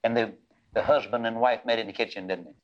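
A man preaching a sermon, moving from hushed storytelling to loud, drawn-out, singsong calls. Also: on the low side, steady tone, dull audio.

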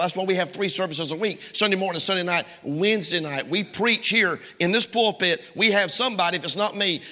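In a church sanctuary with a long, echoing reverb, a pastor preaches emphatically, repeating his phrases in a steady cadence. His high voice comes across as bright and forceful.

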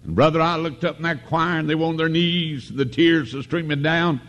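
A middle-aged man preaches a revival sermon in a tabernacle, his voice sitting a touch higher than most men's. He talks in a folksy, homespun way, mixing jokes with calls for amen. He speaks into a stage microphone. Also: steady tone, moderate pace, fairly bright tone, lo-fi sound.

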